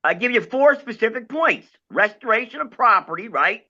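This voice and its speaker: A man's voice: extremely high pitch, expressive, moderate pace, bright, forceful tone. A man in a heated group discussion, arguing and talking over others on a dull lo-fi call. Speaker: call-in participant.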